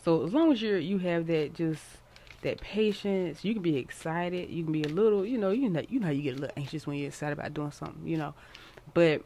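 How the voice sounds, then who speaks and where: A woman casually giving a tarot reading to her viewers, encouraging and repeating herself, with sudden excited jumps in pitch. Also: fast, slight background noise. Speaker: tarot card reader.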